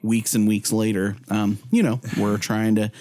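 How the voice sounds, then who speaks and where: Low-voiced chatty male podcast co-host. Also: level tone, moderate pace, mellow, no room sound. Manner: loose and chatty, many "um" and "like" fillers, laughs easily. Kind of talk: casual chat and spoken prayer.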